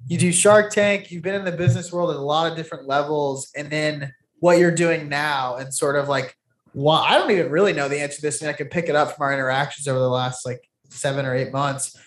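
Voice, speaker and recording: Podcast host guy, kinda high-ish voice, roomy echo, some hum in the back. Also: steady tone, quick pace. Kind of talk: casual podcast chat. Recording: echoey room, faint background hum.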